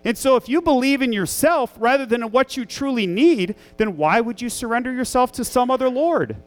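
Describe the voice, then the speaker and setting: Pastor, man, a parent, high clear tenor; earnest emphatic sermon, leans on repetition. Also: lively intonation, brisk. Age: young adult to middle-aged, a parent. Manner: earnest, emphatic, repeats key phrases.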